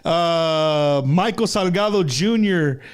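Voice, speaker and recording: A man's voice: a little high, slow, clear, resonant tone. A man hosting a live show, chatting casually with a guest, joking and laughing often as he tells playful stories. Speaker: show host. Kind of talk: casual live interview chat.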